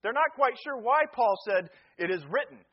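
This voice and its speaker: A man's voice: very high-pitched, animated, normal speed, slightly rough, muffled recording. A middle-aged male pastor from the American Midwest, giving a joking, folksy sermon to a live congregation. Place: church sanctuary.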